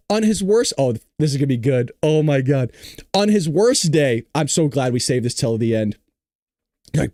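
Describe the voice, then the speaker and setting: A man's voice: medium pitch, animated, normal speed, darkish tone, no room sound, studio quality. A podcast host reading an article aloud and mocking it, breaking into laughter as he goes.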